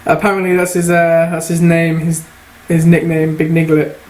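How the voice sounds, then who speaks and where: Male co-caster, fairly high voice, flat delivery, chatty. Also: normal speed. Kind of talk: casual game commentary.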